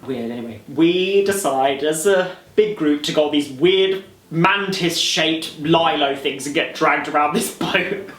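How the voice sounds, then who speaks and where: A man's voice: fairly high pitch, measured pace, fairly bright tone. A man telling a storytime anecdote on his channel, laughing often and acting out what other people said. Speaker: vlogger. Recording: roomy echo with faint music.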